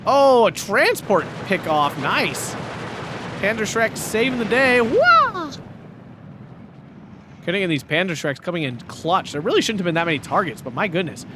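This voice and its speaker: Guy casting a strategy game match, high voice that swings all over, gets loud and laughs at big plays, noisy background. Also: normal speed. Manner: excitable, laughs often, shouts at big plays. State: losing his voice. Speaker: tournament caster. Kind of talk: excited game commentary.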